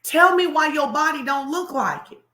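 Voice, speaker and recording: A blunt male fitness coach, as a woman puts him on, firing pointed questions in a high, bright voice. He is tough but caring, never easing off. The sound carries in an echoey room. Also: lively intonation, normal speed. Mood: probing.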